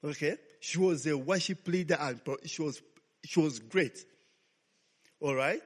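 A man's voice: a little high, measured pace, slightly rough. A man preaching a sermon as a pastor, telling a story and checking in with "okay?" after nearly every line. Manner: call-and-response, frequent "okay?" checks. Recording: long hall reverb.

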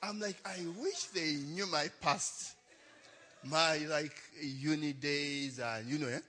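A man's voice: fairly high pitch, slow, bright, forceful tone. A young adult man, a pastor telling a story in a chatty sermon, laughing often and tagging lines with "eh?".

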